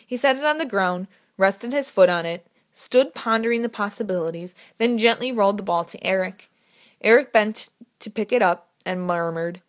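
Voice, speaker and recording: Woman narrating an audiobook. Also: medium pitch. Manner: measured, expressive storytelling. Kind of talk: scripted narration.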